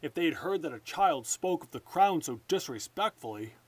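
Man voicing a gruff, greedy lord. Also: on the high side, lively intonation, moderate pace, no echo. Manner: gruff, grumbling. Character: greedy, blustering male lord.

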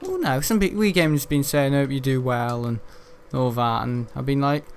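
A young adult gaming YouTuber rambles through casual, chatty commentary over a video game, dropping mild swear words often. His voice sits at a medium pitch with lively intonation and a moderate pace. There's slight background noise.

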